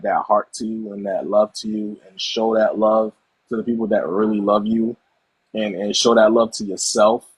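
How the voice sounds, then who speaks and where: A man's voice: fairly low pitch, husky, no echo, poor audio. A man hosting a podcast in casual chat, talking emphatically with slang asides.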